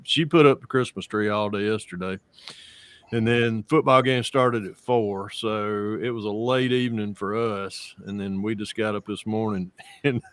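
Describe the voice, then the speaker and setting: A man's voice: lowish voice, fairly bright tone, dry recording. A man hosting a casual video-call hangout, rambling through stories and laughing often. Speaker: host. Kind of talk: casual chat.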